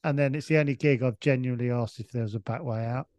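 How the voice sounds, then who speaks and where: A man's voice: medium pitch, fast talker, darkish tone, no room sound. A man, a comedian guest on a podcast, telling a long stop-start anecdote with plenty of swearing and restarts.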